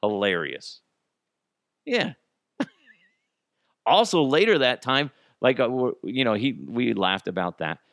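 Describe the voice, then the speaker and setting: This Colorado podcast host tells a funny story in a rambling way, laughing a lot and performing other people's lines, and he pitches ad copy with hype. He takes it slowly with long pauses and big pitch swings in a slightly bright voice. It's studio quality, with no room sound.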